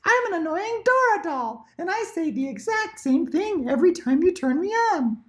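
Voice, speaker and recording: A man voicing a repetitive female talking toy doll in a very high, squeaky, singsong voice. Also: big pitch swings, normal speed. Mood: chirpy.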